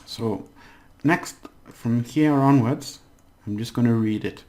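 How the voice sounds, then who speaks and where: A man giving a casual Spanish lesson, patiently repeating words slowly syllable by syllable. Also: medium pitch, warm tone. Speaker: Spanish language teacher. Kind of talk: casual spoken language lesson.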